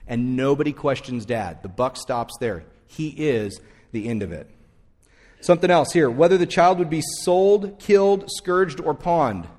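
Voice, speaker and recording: A man's voice: fairly high pitch, lively intonation, unhurried, a little mellow. A man preaches in a slightly raised voice, speaking straight to his congregation as if in conversation. He drives points home by repeating key phrases. The sound carries the long reverb of a church hall. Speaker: pastor. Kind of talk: sermon.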